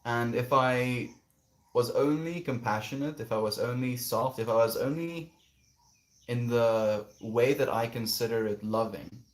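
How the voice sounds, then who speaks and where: A man talking casually to his livestream audience from a quiet outdoor spot. He reads viewers' messages aloud and mulls them over, thoughtful and easygoing. His pitch sits in an ordinary middle range. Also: a little slow. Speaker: livestreamer reading chat.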